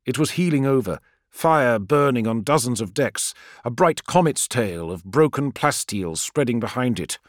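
A man reading a science-fiction audiobook as narrator, with measured, expressive storytelling. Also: mid-range voice, no echo, studio quality.

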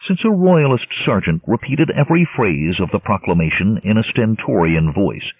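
A man narrating an adventure novel in a dramatic, expressive storytelling manner. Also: on the low side, normal speed, slightly rough, no room sound. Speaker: audiobook narrator. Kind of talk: scripted narration. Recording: tinny lo-fi narrowband audio, dry.

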